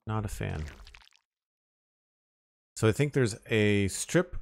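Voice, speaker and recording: A man's voice: on the low side, slow pace, gravelly. A man streaming a survival game, thinking aloud and mumbling as he plays, trailing off with "uh" and reading chat now and then. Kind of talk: casual gameplay commentary.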